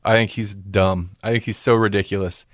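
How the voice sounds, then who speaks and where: Casting: male podcast co-host, low voice, rambling and laughing, dry close mic. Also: steady tone, fairly quick, no echo. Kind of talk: casual movie review chat.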